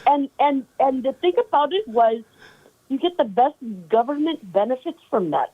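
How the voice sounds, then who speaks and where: A woman co-hosting a casual live talk show, chatty and quick to laugh as she tells stories. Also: sits high, phone-quality sound. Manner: chatty, laughing, animated storytelling. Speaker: co-host.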